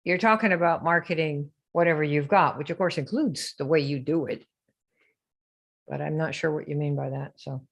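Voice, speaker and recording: A low, gravelly female voice at normal speed leads this live online sales coaching session. Her style is rhetorical, always throwing questions at listeners, and she parodies typical sales posts with a sing-song lilt as she quotes them.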